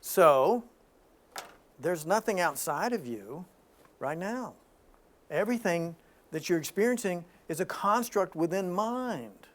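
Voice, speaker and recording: A man hosting an informal spiritual talk, telling stories in an animated way with frequent restarts. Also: sits high.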